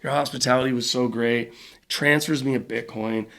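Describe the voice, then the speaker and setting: A man, a podcast guest, telling a story in a casual, animated way, with quick bursts of speech and lots of fillers. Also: mid-range voice, gravelly. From Cayman Islands.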